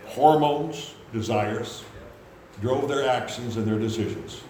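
A man preaching a sermon, animated, acting out quotes in loud high voices. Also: slow. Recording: very echoey room with faint background hum.

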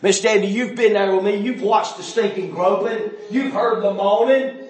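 A man preaching a fiery sermon, shouting one moment and dropping low the next. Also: fairly even intonation, moderate pace, roomy sound. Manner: shouting, swinging between loud outbursts and low, quiet stretches.

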